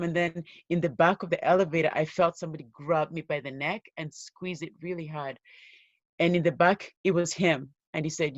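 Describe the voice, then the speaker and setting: A woman's voice: on the low side, dry recording, highs cut off. Woman earnestly telling her own story. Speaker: guest. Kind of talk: personal story told in an interview.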